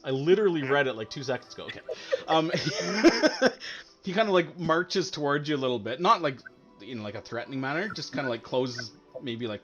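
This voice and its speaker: A man's voice: mid-range voice, a bit bright. A man game master narrating a tabletop game in a loose, rambling way, with lots of fillers and laughter.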